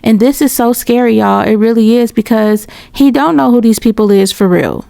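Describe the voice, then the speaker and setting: Woman with a gravelly, dark voice. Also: on the high side, moderate pace, no echo. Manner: earnest, addresses the audience directly. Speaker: commentator host. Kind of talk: casual commentary to viewers.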